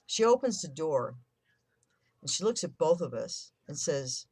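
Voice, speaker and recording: A person in their fifties speaks at a middle pitch, recounting their own childhood in a raw, confessional way and slipping into the voices of the people they remember. The sound is close and dry. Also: very animated, measured pace, a little mellow, husky, dry recording. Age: 50s. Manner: candid and emotional, swears, acts out remembered quotes. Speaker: vlogger sharing a personal story. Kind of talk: personal storytelling.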